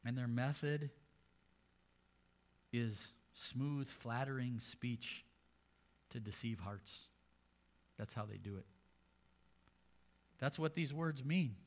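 A man, a pastor, preaching a sermon in a conversational way, with sarcastic asides. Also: mid-range voice.

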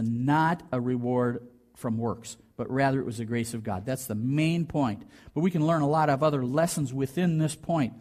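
A man preaching a sermon, talking through a Bible story and acting out the quoted lines with a lifted, louder voice. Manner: animated preaching, acts out quotes with rising pitch. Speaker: pastor.

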